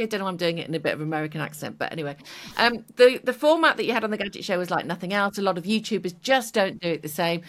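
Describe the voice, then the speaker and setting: A woman's voice: medium pitch, animated, fast talker. A woman co-hosting a tech podcast, chatting upbeat and reading listener comments. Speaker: podcast co-host.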